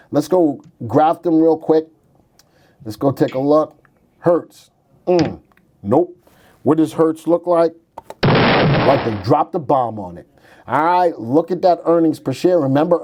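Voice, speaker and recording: Pulling up charts as he goes, this stock market show host jokes and muses aloud on a casual livestream. His voice is mellow and a little high.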